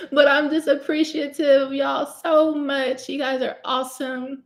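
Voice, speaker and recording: A woman's voice: sits high, little pitch movement, measured pace. Casting note: young New woman, chatty livestream host who laughs easily and answers comments. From Newark, New Jersey. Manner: warm, chatty, laughs often and jokes with viewers. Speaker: cosmetic chemist hosting a live hair-care Q&A. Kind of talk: casual livestream chat, reading comments.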